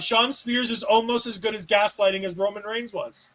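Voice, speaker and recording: A man's voice: sits high, fairly even intonation, brisk, few pauses, sharp tone, rough recording. A man co-hosting a casual wrestling recap, retelling scenes with sarcastic asides and acted-out quotes. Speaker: co-host.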